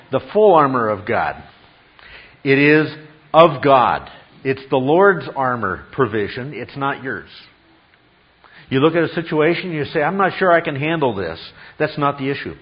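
A man's voice: medium pitch, highs cut off. A man preaching a sermon, stressing his points through repetition and questions to the congregation. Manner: emphatic, repeats key phrases, asks the congregation questions. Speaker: pastor.

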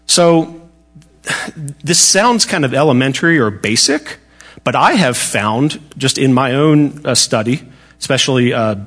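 A man leads a Bible study in an easygoing, conversational way. He talks at a mid pitch, pauses often and restarts his sentences, and drops in light jokes as he goes. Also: fairly bright tone. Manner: casual, joking, halting with restarts. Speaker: Bible teacher.

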